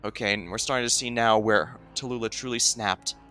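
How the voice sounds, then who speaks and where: A man's voice: mid-range voice, fairly even intonation, a little fast, bright, forceful tone, faint music behind. A man streaming a game, narrating the story in a plain, matter-of-fact way, sounding tired.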